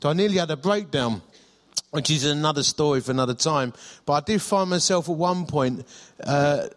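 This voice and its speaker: Chatty middle-aged pastor. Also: male voice, a little high, normal speed. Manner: chatty storytelling with self-deprecating humour and restarts. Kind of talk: sermon.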